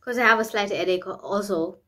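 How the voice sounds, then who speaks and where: A woman's voice: mid-range voice, a little fast, pushed and bright. A woman vlogging in a candid, rambling way, often repeating herself and speaking openly about private matters. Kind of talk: candid personal vlog talk.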